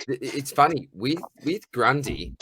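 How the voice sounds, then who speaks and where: A man's voice: medium pitch, expressive, measured pace, sharp tone, a little hiss or hum. A man with an Australian accent hosting a podcast, easygoing and calling everyone mate. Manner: easygoing, says mate a lot. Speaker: podcast host. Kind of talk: casual chat.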